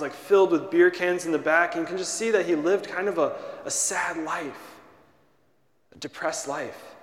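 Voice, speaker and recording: A young man, a priest, giving a conversational storytelling homily to children in a church. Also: fairly high pitch. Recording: echoey church, long reverb.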